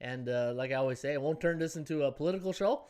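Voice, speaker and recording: Middle-aged male host, casual and chatty, slightly high-pitched, quick to laugh. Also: a little mellow, clear, resonant tone. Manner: rambling, chatty, laughs easily, reads out viewer comments. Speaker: sports betting podcast host. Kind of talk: casual live-stream chat.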